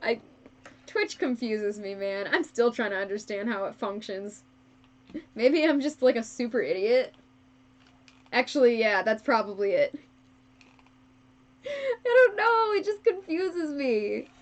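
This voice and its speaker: A woman with a high voice chats with her stream viewers while she sews, unhurried and slow to get her words out. She giggles often and pokes fun at herself. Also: lively intonation, highs cut off. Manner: giggly and self-deprecating, laughs often. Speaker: fursuit maker streaming live. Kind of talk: casual live-stream chat with viewers. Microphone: wrong microphone.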